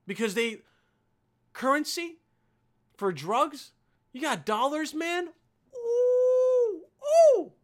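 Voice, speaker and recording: A young man from Bosnia hosting a casual solo podcast, ranting with lots of swearing and calling listeners dude. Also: high-pitched. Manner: profane, animated, calls listeners dude and man. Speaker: podcast host.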